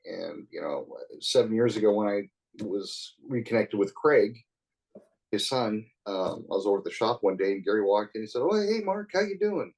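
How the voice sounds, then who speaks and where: A man's voice: lowish voice, moderate pace, vocal fry, a little mellow, poor audio. A man in his sixties telling stories in a casual, rambling way as a podcast guest, often chuckling and saying "you know". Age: 60s. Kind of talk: casual storytelling.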